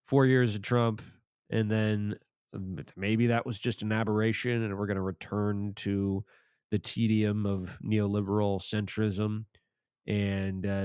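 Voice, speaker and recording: A man's voice: fairly low pitch, darkish tone, clean tone, no echo, studio quality. A man appearing as a guest on a podcast, talking casually with many hesitations and fillers. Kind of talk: casual chat.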